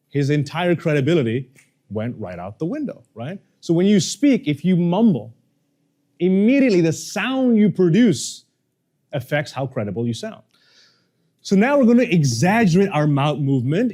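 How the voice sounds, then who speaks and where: A man's voice: a little high, a little fast. A man coaching a workshop audience on how to speak, acting out the people he quotes. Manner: animated, acts out quoted people. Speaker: communication coach. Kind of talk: workshop lesson.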